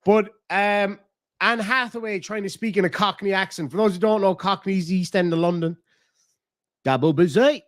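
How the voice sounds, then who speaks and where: A man's voice: sits high, steady tone, moderate pace, fairly bright tone, no room sound, studio quality. A man with a Cork Irish accent, chatting casually on a live stream, rambling and swearing freely as he thinks aloud. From Ireland.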